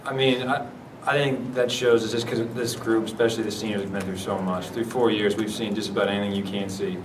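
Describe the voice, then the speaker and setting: A young senior college basketball player answering reflectively at a press conference. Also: male voice, lowish voice, steady tone, a little fast. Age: young adult. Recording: roomy echo, mic far off, background noise.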